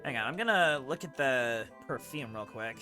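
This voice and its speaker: A man's voice: mid-range voice, lively intonation, moderate pace, over music. A man hosting a live stream, chatting casually with friends and viewers. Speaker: streamer host.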